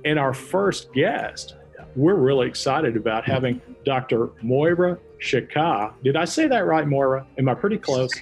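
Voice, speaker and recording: A man's voice: mid-range voice, expressive, normal speed, creaky, faint music behind. A middle-aged man with a Texas accent hosting an interview show, chatty and folksy with lots of fillers. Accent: Texan. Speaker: podcast host.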